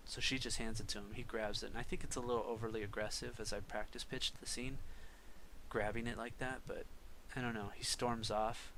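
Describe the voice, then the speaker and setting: Young man, casual storyboard pitch, thinking aloud, fairly low voice, bright tone. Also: slight background noise, rough recording. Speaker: storyboard artist.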